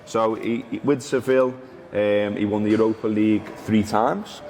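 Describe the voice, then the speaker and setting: A man's voice: lowish voice, steady tone, normal speed, darkish tone, long reverb tail, a little hiss or hum. Joking man hosting a football show. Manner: jokey, teasing, stumbling over names. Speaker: podcast host. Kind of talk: casual chat.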